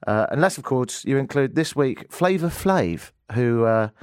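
A man's voice: medium pitch, lively intonation, measured pace, clear, resonant tone, no room sound, clean studio sound. A man hosting a live radio show, chatting casually in a jokey, teasing way and laughing often. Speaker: radio host. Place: radio studio. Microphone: studio microphone.

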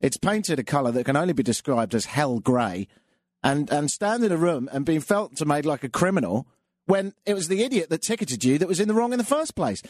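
Lively self-mocking radio host. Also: male voice, on the high side, a little fast, no echo. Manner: dry self-mocking storyteller. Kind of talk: casual monologue with jokes.

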